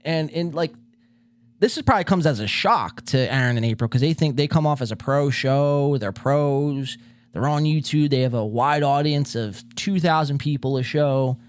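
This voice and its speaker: A man hosting a podcast, pausing a clip to give sarcastic casual commentary. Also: fairly high pitch. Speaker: podcast host.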